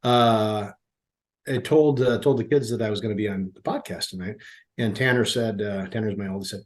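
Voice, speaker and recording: A man's voice: on the low side, moderate pace. A man in his forties, a podcast guest, telling stories at an easy pace with plenty of fillers. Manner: rambling storyteller with many fillers. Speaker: guest, youth hockey manager. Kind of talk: casual podcast chat.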